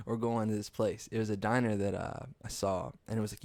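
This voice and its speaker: A man's voice: fairly low pitch, normal speed, vocal fry, darkish tone, no room sound. A young man hosting a podcast, rambling through casual, profane stories and laughing at his own jokes. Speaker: podcast host. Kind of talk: casual storytelling monologue.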